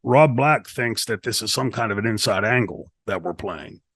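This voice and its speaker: Profane, animated man telling a wrestling story. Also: on the low side, moderate pace, no echo. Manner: animated, profane, acts out quotes in his story. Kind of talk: shoot interview storytelling. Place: wrestling promotion studio. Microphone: studio mic.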